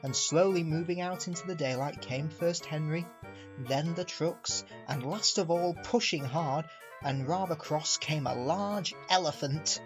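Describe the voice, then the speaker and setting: A man narrating a storybook aloud, expressive and speaking to the listener directly. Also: on the high side, unhurried, music in the background. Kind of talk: storybook reading.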